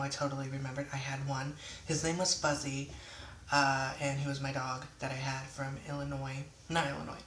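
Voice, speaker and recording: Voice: medium pitch, a bit bright, slight background noise. A young adult in their twenties telling a storytime vlog in a rambling, casual way, often swearing and then apologizing. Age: 20s. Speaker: vlogger. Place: indoors at home. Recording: echoey room.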